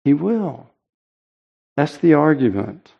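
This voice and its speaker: Slow, earnest male preacher. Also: a little high, sing-song, gravelly, slightly rough, phone-quality sound. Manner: earnest, emphatic preaching with deliberate pauses. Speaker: pastor. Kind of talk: sermon.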